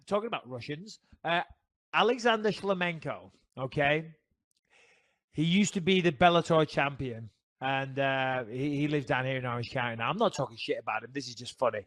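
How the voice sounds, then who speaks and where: A middle-aged man with a Northern English accent co-hosts a casual podcast, swapping profane, jokey stories in easy banter. His voice sits a little high with a fairly bright tone, and the recording is dry.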